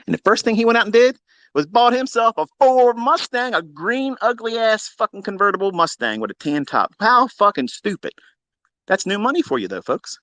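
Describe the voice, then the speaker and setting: A man hosting a live audio chat, telling a long story in a profane, mocking, animated way. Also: high-pitched, moderate pace, no echo. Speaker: Twitter Space host. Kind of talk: casual storytelling rant. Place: lives in Maryland.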